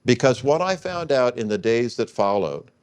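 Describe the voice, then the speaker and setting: A man's voice: medium pitch, sing-song, moderate pace, darkish tone, clean tone. A man in his sixties telling a long personal story in an interview, acting out the dialogue he quotes. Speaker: guest.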